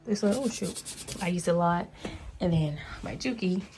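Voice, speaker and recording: A woman vlogger chatting casually and gushing excitedly while unboxing a sewing machine. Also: lowish voice, moderate pace, a little hiss or hum.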